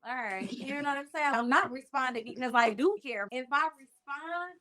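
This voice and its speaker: Young adult female co-host, slightly high voice, sassy, profane storyteller. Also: normal speed, crowd noise. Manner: blunt, sassy storyteller, swears, quotes others. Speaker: podcast co-host. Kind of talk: casual conversation.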